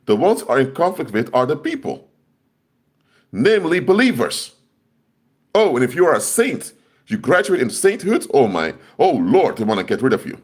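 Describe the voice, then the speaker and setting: A man's voice: fairly high pitch, sing-song, moderate pace, pauses often. A man preaching on a live stream in an impassioned way, hammering home points by repeating phrases. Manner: emphatic, repeats key phrases for force.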